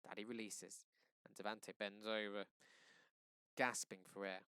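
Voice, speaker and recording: A male teacher reading a novel aloud to his class in a lively, expressive way. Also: lowish voice, a little slow, clear, resonant tone, no room sound.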